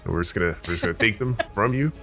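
A man's voice: lowish voice, very fast, a bit bright, faint music behind. A man co-hosting an improv comedy show, laughing through his lines and blustering as a goofy villain. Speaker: co-host.

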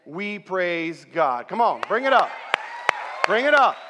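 High-voiced middle-aged pastor in a reverberant hall. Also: male voice, slow pace, a loud crowd, very noisy. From central New York, USA. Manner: animated storytelling, rallying the congregation. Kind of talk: sermon. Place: large church hall.

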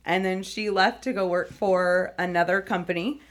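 A woman's voice: lowish voice, normal speed. Earnest woman telling a foster story. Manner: earnest, animated storytelling with frequent laughs. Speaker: foster parent and teacher. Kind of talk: conversational interview.

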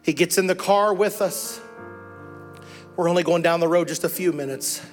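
A missionary preacher, a man with a notably high voice, tells his story in a sermon with building passion. Soft music plays quietly behind him. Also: normal speed. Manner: impassioned storytelling, rising to fervent preaching.

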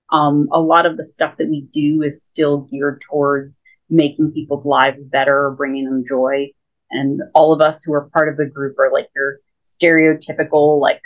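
A woman with a low voice talks as an interview guest, explaining casually and peppering her speech with fillers. Her audio comes through a thin, phone-like remote call line. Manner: chatty, explains with many fillers. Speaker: guest, lightsaber school founder.

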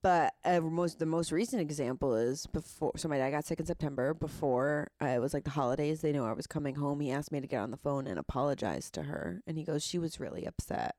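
A woman's voice: sits low, quick pace, few pauses, a little mellow, no echo. A young woman in her twenties, a podcast guest telling candid stories in a loose, casual way, with lots of "like" and dry humor. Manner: candid storytelling with heavy filler "like", dry humor.

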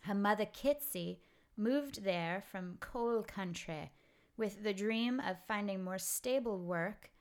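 A woman's voice: mid-range voice, slow. A woman hosting a podcast, telling a family story in a rambling, casual way full of fillers and asides. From Pennsylvania. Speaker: podcast host.

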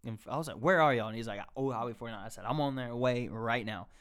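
A man's voice: mid-range voice, fast, smooth. Young man telling a wild story. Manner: animated storytelling, swearing, acting out quotes. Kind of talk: casual podcast chat.

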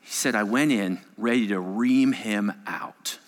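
A male pastor preaching a sermon, telling a story that swings between hushed moments and raised, urgent passages. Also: lowish voice, unhurried. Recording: long hall reverb.

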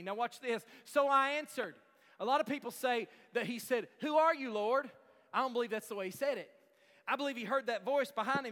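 A male pastor with an unusually high, forceful voice preaches with fervor, repeating key lines for emphasis. His voice rings out with a long reverb through a church sanctuary. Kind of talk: sermon.

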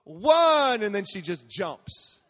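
High-voiced, joking guest pastor. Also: male voice, steady tone, brisk, a bit bright. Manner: humorous, chatty, with call-outs to the congregation. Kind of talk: sermon storytelling. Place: large church sanctuary. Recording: long church hall reverb.

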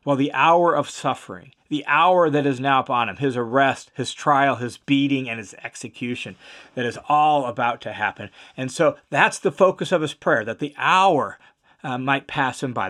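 A man's voice: medium pitch, moderate pace, fairly bright tone. A man teaching a Bible passage verse by verse in a casual, conversational way, with fillers and restarts and stress on key words.

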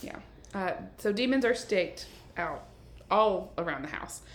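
A woman's voice: mid-range voice, expressive, measured pace. Laid-back woman with wry asides. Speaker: podcast co-host. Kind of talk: casual chat recapping a TV episode. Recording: roomy echoey recording.

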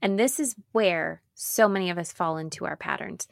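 A woman pastor and speaker giving an earnest, reflective talk, stressing repeated phrases with slow pauses. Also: on the low side, vocal fry, dry recording, clean studio sound. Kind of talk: reflective spoken talk on grief.

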